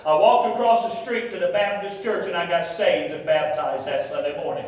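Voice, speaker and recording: A man preaching a sermon as pastor, with a Midwestern American accent, shouting in bursts and drawing amens back from the congregation. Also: sits high, fairly even intonation, moderate pace. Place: large church sanctuary. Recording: echoey hall, heard from far off. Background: congregation calling amen.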